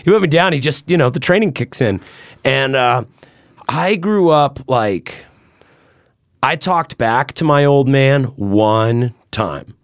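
A man's voice: mid-range voice, lively intonation, slow, no echo, clean studio sound. A man in a casual podcast chat, telling loose, profane stories that lean on filler words. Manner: rambling storyteller, loose and profane, acts out voices in quotes.

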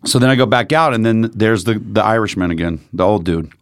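A man's voice: on the low side, brisk, clear, resonant tone, no echo, clean studio sound. A man telling profane stories in casual chat, acting out what people said. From United States. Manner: profane, animated storyteller acting out quotes. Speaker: podcast guest. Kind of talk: casual storytelling.

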